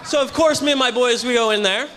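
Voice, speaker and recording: A man doing a loud, punchy stand-up comedy set on a hotel ballroom stage, with a live audience audible. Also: extremely high pitch, fast talker, background noise. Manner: loud, punchy delivery to a crowd.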